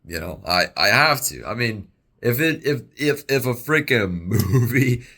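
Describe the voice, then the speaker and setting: A young man giving casual reaction commentary, excitable and rambling, with slangy exclamations, recorded on an earbud mic. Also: mid-range voice, a little slow, husky. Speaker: reaction video host. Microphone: wireless earbud mic.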